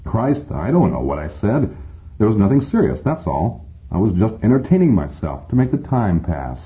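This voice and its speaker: Casting: a male audiobook narrator, very deep and wry, with tinny phone-like sound. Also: sing-song, moderate pace. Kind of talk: first-person audiobook narration.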